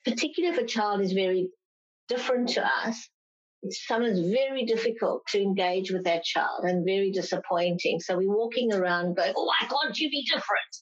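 A woman's voice: mid-range voice, steady tone, fairly quick. A woman clinical psychologist answering interview questions, explaining patiently and sometimes acting out parents' complaints in a raised voice. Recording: slightly dull lo-fi sound.

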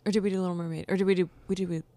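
A woman guesting on a casual podcast, playful and quick to laugh. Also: lowish voice, level tone, mellow, dry recording. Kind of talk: casual chat.

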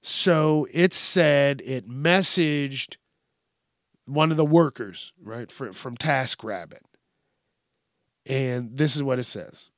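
A man's voice: mid-range voice, takes it slowly, no room sound, clean studio sound. A man hosting a podcast, giving rambling, profane, casual commentary on the news. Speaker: podcast host.

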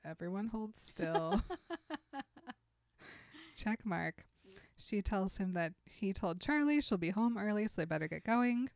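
A woman's voice: medium pitch, slow, pauses often, no echo, clean studio sound. A woman casually retelling a novel's scenes as a podcast co-host, laughing often and quoting the characters in passing. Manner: animated storyteller who laughs often and quotes characters in passing. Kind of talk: casual chat.

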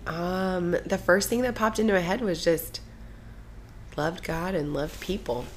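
A woman's voice: unhurried, a little hiss or hum. A woman co-hosting a casual faith podcast, congested from allergies and laughing easily. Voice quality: gravelly, low voice. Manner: laughs often, warm and playful. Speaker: podcast co-host. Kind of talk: casual chat.

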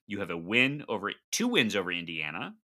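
A man co-hosting a sports podcast, reading listener questions in an animated, teasing way. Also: deep voice, fairly quick. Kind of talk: casual chat.

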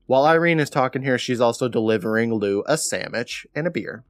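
A man co-hosting a podcast, recapping an episode in an animated, casual way with quick laughs. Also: mid-range voice, no room sound, studio quality. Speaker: podcast co-host.

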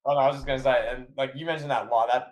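A man's voice: mid-range voice, fairly even intonation, very fast, rough recording. Rambling male podcast co-host. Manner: rambling, filler-heavy storytelling, acts out quotes. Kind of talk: casual chat.

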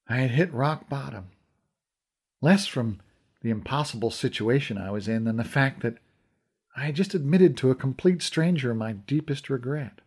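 A man giving heartfelt, emotional first-person story narration. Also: medium pitch.

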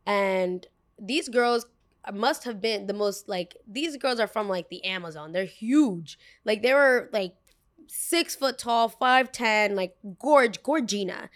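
A woman's voice: mid-range voice, slow. Chatty young woman telling a podcast story. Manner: chatty, peppered with "like", acts out quoted voices. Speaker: podcast host.

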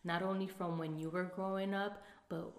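Lower-voiced woman co-host, echoey room. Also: level tone, moderate pace. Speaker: podcast co-host. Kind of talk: casual podcast chat.

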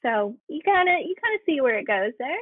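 A woman's voice: sits high, sing-song, fairly quick, no room sound. Chatty American woman on a tinny line. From United States. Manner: chatty, self-deprecating, laughs often. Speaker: guest, theme park entertainment cast member. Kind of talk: casual interview.

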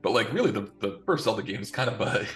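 A man's voice: lowish voice, expressive, fast talker, a bit bright, soft background music. A man in his thirties chatting casually as podcast co-host, rambling and restarting his sentences. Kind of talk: casual chat.

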